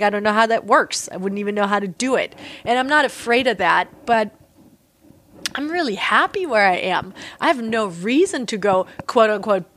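A woman in her forties from Germany talks frankly and with emphasis as an interview guest. Her voice sits at an ordinary middle pitch, and she often fills pauses with small hesitations. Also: a bit bright. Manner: candid and emphatic, many fillers. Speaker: interviewee, artist. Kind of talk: casual conversational interview.

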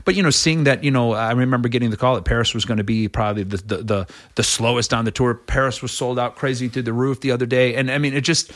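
A middle-aged man being interviewed as a rock singer, telling stories in a rambling, animated way with many restarts. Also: fast talker, few pauses. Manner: rambling, many restarts, acts out quotes in a much higher voice. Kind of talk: animated casual interview storytelling.

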